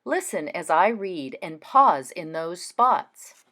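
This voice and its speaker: A woman teacher talks young readers through a recorded reading lesson, unhurried and deliberate. Her lowish voice swings widely up and down as she models expressive reading aloud.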